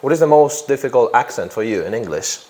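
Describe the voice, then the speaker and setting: A man's voice: mid-range voice, animated, a little fast, warm tone, a little hiss or hum. A man teaching an English grammar lesson to a class, who repeats key phrases and often checks in with "yeah?".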